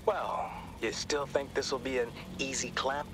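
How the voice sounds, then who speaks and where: An actor playing a calm, level-headed male hacker ally who teases dryly. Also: mid-range voice, unhurried, background noise, natural voice. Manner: dry, teasing, calm.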